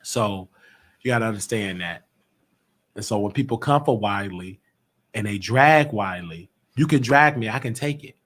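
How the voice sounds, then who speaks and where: This YouTube talk show host, with a lowish voice and moderate pace, takes calls on a live stream from his own show. His storytelling is loose and slangy, and he acts out what others said.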